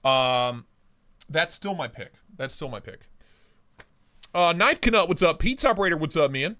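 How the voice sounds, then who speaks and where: A man's voice: on the high side, lively intonation, normal speed, sharp tone. A man hosting a live stream, joking crudely and greeting chatters by name while short of breath from a big meal. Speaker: livestream host. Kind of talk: casual live chat reading viewer comments. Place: home office.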